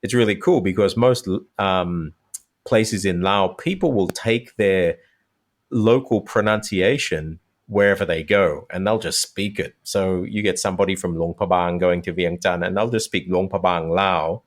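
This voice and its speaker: A man with a notably deep voice talks through language quirks as a podcast guest. His delivery is animated and loose, and he slips into short acted-out examples mid-thought. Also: a little slow. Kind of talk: casual interview chat.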